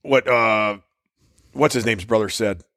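A man's voice: on the low side, measured pace, a bit bright, dry recording, studio quality. A middle-aged man co-hosting a podcast in casual chat, blunt and defiant, swearing freely. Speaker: podcast co-host.

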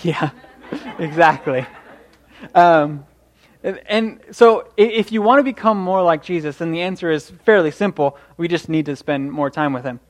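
A man's voice: a little high, moderate pace. A young man preaching a sermon in an earnest, encouraging way, often restarting his sentences. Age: young adult.

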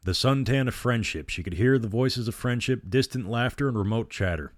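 A male storyteller reading a horror novel aloud in a measured, steady way. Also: mid-range voice, no echo.

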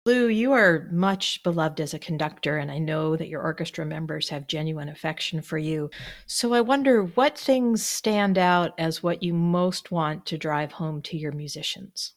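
Low-voiced woman podcast host. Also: moderate pace. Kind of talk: interview and podcast outro. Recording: music bed under voice.

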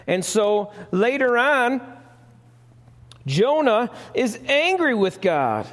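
A man's voice: sits high, very animated, slow pace, long reverb tail. A man preaching a sermon as pastor, emphatic, reading scripture and asking the congregation questions, recorded live in a church sanctuary.

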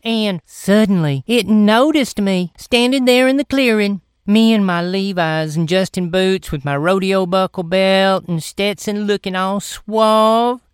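A woman spins a folksy comic yarn, stretching out the dramatic beats. Her voice is smooth and clear. It sounds dry, with no room echo. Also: mid-range voice. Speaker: comic storyteller. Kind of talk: folksy comedic storytelling.

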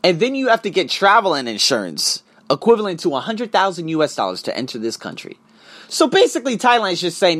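A man vents to his audience in a loose, profanity-laced rant. His somewhat high voice swoops widely, bursting loud and then dropping to a hushed mutter. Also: a little fast. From United States. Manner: animated, heavily profane, swings between loud outbursts and hushed asides. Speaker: vlogger and online teacher. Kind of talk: casual profane rant to camera.

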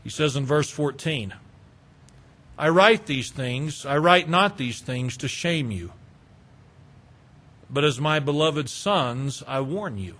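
A male preacher delivering an expository sermon, slow and emphatic, stacking repeated phrases. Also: a little high, lively intonation, fairly bright tone.

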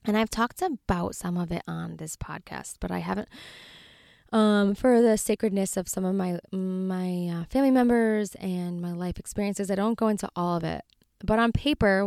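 A woman's voice: medium pitch, normal speed, creaky, a little mellow, no echo, clean studio sound. A woman in her thirties hosting a faith podcast, telling a personal story in an earnest, heartfelt, tender way. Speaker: podcast host.

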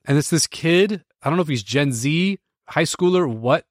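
A man's voice: a little high, lively intonation, normal speed, no room sound, studio quality. An American man in his late thirties, hosting a podcast and telling a story casually to a live audience, with many restarts and bursts of laughter. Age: 30s. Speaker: podcast host.

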